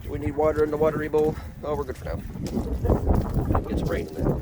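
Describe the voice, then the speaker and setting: A man's voice: steady tone, quick pace. A man doing farm chores outdoors, casually chatting to his chickens in a playful sing-song voice. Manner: playful, talks to animals in a high sing-song voice. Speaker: homesteader vlogger. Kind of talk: casual chat to his birds. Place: outdoors in a muddy chicken yard. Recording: noisy outdoor farmyard recording. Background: clucking chickens and birds.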